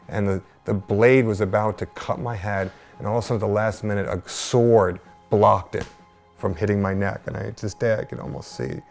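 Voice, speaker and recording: A man's voice: lowish voice, gravelly, a little mellow. A man giving a personal faith testimony in an interview, telling his story earnestly and acting out the voices of people he quotes. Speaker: interview guest.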